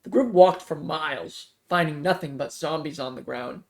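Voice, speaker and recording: A man reading a fan-written zombie story aloud in a plain, quick manner, jumping louder for dialogue. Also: on the high side, creaky. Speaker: story reader.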